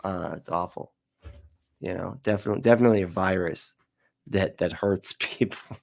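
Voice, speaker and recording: A man's voice: low-pitched, normal speed, gravelly, a little mellow. A man hosting a casual reaction commentary, sarcastic and profane, often laughing. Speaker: commentary host.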